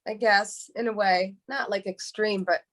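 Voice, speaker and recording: A woman from New York, a podcast guest, speaking earnestly in a halting way, with frequent restarts and repeated words. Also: mid-range voice, fairly even intonation, a bit bright. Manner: heartfelt and earnest. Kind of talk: emotional interview, candid storytelling.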